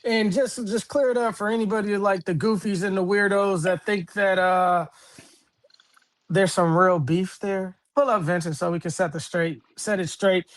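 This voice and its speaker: A man's voice: high voice, steady tone, normal speed. A man with a Milwaukee accent co-hosting a casual sports show, slangy, jokey and laid-back. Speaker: podcast co-host.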